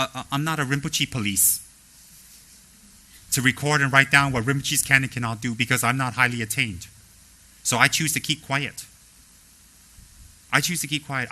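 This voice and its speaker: Man giving a dharma talk, really bright edgy voice, blunt and animated. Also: mid-range voice, rough recording. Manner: animated, mimics people in quoted asides; blunt, straightforward admonishing. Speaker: spiritual teacher.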